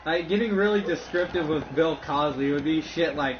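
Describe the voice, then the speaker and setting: High-voiced playful man, noisy line. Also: normal speed, reverberant, highs cut off. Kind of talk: crude comedic banter.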